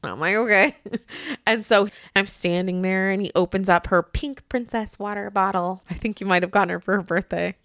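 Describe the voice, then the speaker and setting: Casting: animated woman podcast host in her thirties, bright tone, laughs a lot while storytelling. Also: mid-range voice, moderate pace, smooth. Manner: animated, acts out quotes, laughs often. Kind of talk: casual storytelling chat.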